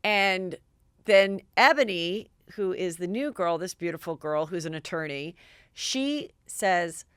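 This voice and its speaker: A woman podcast host recapping reality TV gossip in a casual, animated way, jumping into raised voices to act out what others said. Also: fairly low pitch, slow, smooth, no echo, clean studio sound.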